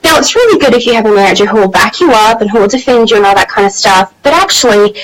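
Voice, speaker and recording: Talking fast with lively intonation, a woman with a medium-pitched voice hosts a motivational live stream for her women's empowerment channel. She chats candidly through a personal story with many fillers, and the recording is rough.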